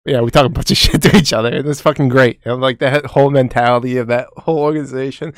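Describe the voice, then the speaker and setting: A man's voice: medium pitch, steady tone, fast talker, few pauses, no echo, studio quality. A man co-hosting a football podcast, talking casually with lots of swearing and laughter. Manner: profane, laughing, hyped. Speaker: podcast co-host. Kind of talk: casual sports chat.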